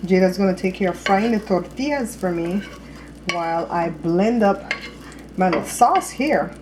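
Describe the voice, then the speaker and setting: A woman's voice: lowish voice, expressive, moderate pace, noisy background. Chatty woman hosting a home cooking show. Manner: chatty, repeats words, addresses viewers as guys. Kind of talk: casual cooking chat.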